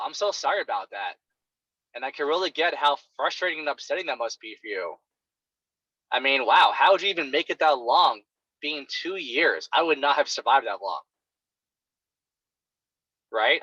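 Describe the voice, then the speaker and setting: A man coaching on a call, explaining how to reframe what people say and acting out their excited reactions. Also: medium pitch, fairly quick, no room sound. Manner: animated, acts out clients' reactions. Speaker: sales coach. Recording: dull, lo-fi sound.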